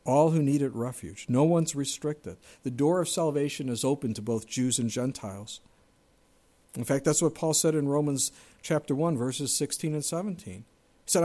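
A man preaching a sermon in an emphatic way, firing rhetorical questions and moving between loud outbursts and hushed asides. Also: mid-range voice, moderate pace. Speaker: pastor.

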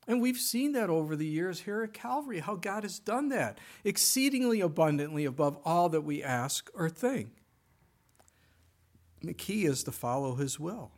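A man's voice: fairly high pitch, lively intonation, moderate pace. A male pastor giving a sermon in an earnest, emphatic way, with rhetorical questions.

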